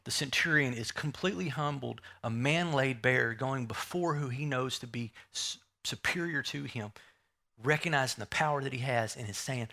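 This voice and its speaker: A man preaches a sermon emphatically, repeating key phrases and putting rhetorical questions to his listeners. His medium-pitched voice has vocal fry and sounds pushed and bright, at a moderate pace.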